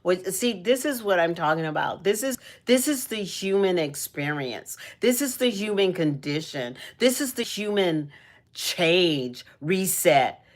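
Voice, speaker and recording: A woman's voice: lowish voice, animated, unhurried. A young woman hosting a casual livestream, talking about energy and purpose, emotional and rambling with many restarts. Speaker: livestream host.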